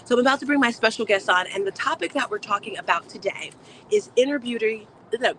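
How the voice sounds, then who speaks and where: A woman's voice: on the high side, fast talker, fairly bright tone, a little hiss or hum, poor audio. A woman hosting a motivational live stream, chatting upbeat and speaking straight to her viewers. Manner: upbeat, chatty, talks to chat. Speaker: host.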